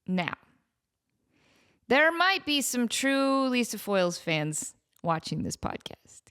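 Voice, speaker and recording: Animated, self-mocking woman podcast host. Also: on the high side, slow, clean tone. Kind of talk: casual chat.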